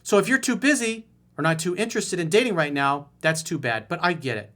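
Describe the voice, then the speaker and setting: A man's voice: fairly high pitch, lively intonation, brisk, a bit bright, pitched above the performer's own voice. A man doing a curt, demanding woman. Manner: prim, clipped and dismissive.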